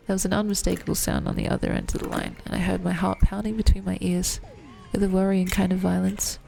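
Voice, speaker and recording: A woman reading first-person romance fiction aloud in an even, low-key way. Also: fast, creaky, faint music behind. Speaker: reader.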